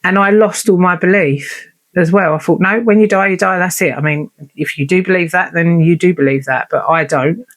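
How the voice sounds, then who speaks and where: A woman's voice: lowish voice, normal speed. A woman telling a personal story in a vlog, candid and unfiltered, swearing and acting out remembered conversations. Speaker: vlogger.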